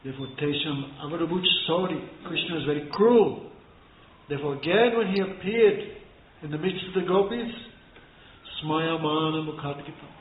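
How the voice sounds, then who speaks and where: A man gives a scripture class in a fairly high voice, moving between storytelling and chanted verses. The sound is thin and phone-like, with a roomy echo and faint noise behind him. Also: normal speed. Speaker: spiritual teacher. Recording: echoey room over thin phone-like line.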